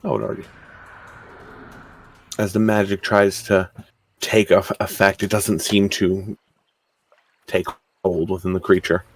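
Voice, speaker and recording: A man narrating a tabletop game as game master, describing combat in a calm, measured way. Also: low voice.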